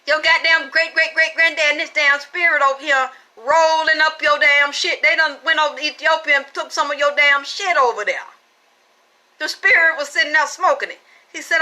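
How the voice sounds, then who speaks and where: A middle-aged woman giving a spiritual reading, telling a story in blunt, salty, animated language. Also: sits high, moderate pace, pauses often. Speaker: spiritual reader. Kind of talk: profane storytelling chat.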